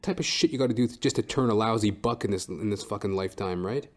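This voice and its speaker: A man's voice: fairly low pitch, quick pace. A man hosting a podcast, telling a comic story in a profane, ranting way with frequent "right?". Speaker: podcast host.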